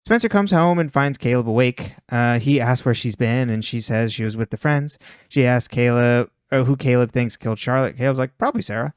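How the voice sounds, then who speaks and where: A man's voice: medium pitch, a little fast, clear, resonant tone, no echo, clean studio sound. A man co-hosting a podcast, recapping a show's plot in casual chat with a wry, laughing tone. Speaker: podcast co-host recapping episodes.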